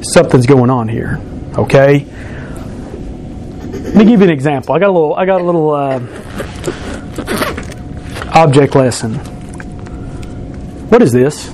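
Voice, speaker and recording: Thirties male pastor, playful banter-heavy preaching, high pitch, faint hiss behind. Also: expressive, normal speed, pauses often. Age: 30s. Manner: playful, teasing, banters with the congregation. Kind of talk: sermon with object lesson. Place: church.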